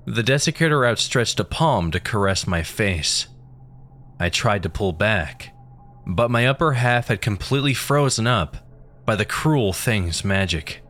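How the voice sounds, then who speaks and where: A man narrating a first-person horror story in a steady, grim telling. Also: on the low side.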